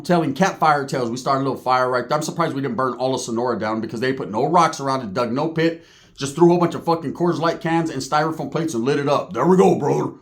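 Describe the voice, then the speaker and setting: Man telling a profane comic story. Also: on the high side. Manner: casual, profane, tags lines with right. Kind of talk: comedic storytelling.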